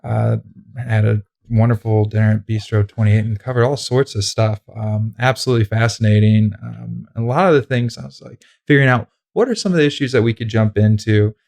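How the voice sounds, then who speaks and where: A man's voice: on the low side, fairly even intonation, fairly quick, creaky, a little mellow. A man hosting a casual interview podcast, talking in a loose, rambling way with many fillers. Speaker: podcast host.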